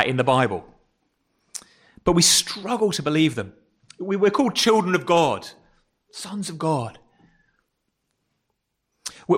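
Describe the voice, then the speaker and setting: Man, preacher, fairly high voice, conversational sermon, repeats words, rhetorical questions. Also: fairly bright tone. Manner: stumbles and repeats words, corrects himself. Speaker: pastor. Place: church.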